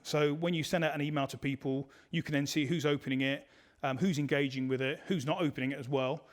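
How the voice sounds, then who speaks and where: A man's voice: fairly high pitch, fairly even intonation, fast talker. A man presenting a digital marketing webinar in a conversational way, full of fillers and restarts. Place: online webinar.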